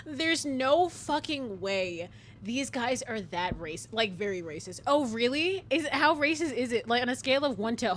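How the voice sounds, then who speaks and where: A woman's voice: on the high side, lively intonation, a little slow, fairly bright tone, a little hiss or hum. A woman streamer reacting to a game, laughing often, swearing and sounding incredulous. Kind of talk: live game commentary.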